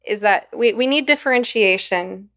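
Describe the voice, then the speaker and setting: Woman host, smooth clear voice, measured and thoughtful, a bit self-deprecating. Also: on the high side, fairly bright tone. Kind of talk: podcast interview.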